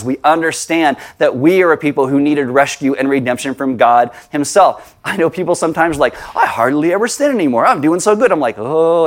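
A man preaching a sermon as pastor, telling stories with animated, acted-out voices. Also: a little high.

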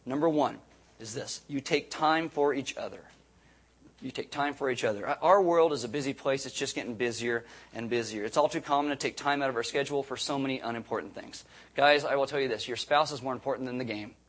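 A man's voice: mid-range voice, brisk, a bit bright. A middle-aged man pastor giving a sermon in a conversational manner, repeating himself and adding jokey asides.

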